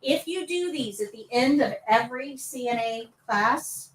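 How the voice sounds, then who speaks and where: A woman's voice: fairly high pitch, expressive, measured pace, recorded from a distance, rough recording. A woman teaching nursing assistant students in a live class, upbeat and coaxing answers from them.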